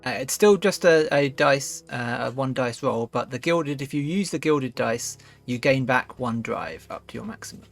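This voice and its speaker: Brief: male game master, mid-pitched, halting delivery with faint music underneath. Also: animated, creaky. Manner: hesitant, many fillers, checks the rulebook. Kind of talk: tabletop game narration and rules talk.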